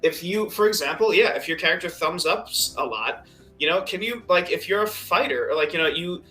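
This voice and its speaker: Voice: medium pitch, animated, a little fast, bright, forceful tone, faint music behind. A podcast host and dungeon master in casual chat, loose and rambling, repeating "you know" constantly and swearing casually.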